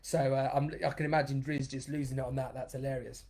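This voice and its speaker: Man, dance educator hosting a live motivational stream, chatty, energetic, mid-range voice. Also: mid-range voice, quick pace. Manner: energetic and chatty, reads viewer comments aloud mid-talk; bursts into loud cheers for emphasis.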